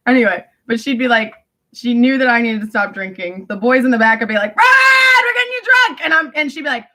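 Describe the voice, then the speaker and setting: A woman talking to friends in a rambling, animated monologue, laughing often and swearing casually. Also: on the high side. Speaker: vlogger addressing family friends.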